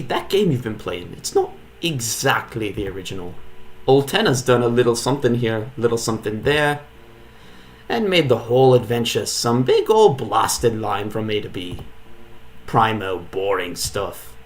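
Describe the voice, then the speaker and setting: A man voicing a chummy, secretive male backstage bloke in a rough imitation of a rural British accent, talking low and confidingly. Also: slight background noise. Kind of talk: reading game dialogue aloud.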